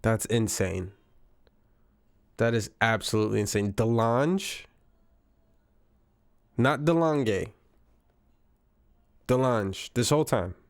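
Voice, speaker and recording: A man's voice: on the low side, takes it slowly, creaky, long pauses, no echo, studio quality. A man giving casual reaction commentary on news clips, wry and incredulous, repeating lines for effect.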